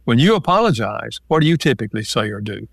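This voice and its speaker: Calm explaining man, dry close sound. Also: mid-range voice, quick pace, vocal fry, no room sound. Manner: calm, explanatory, gives examples. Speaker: author and marriage counselor guest. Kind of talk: interview conversation.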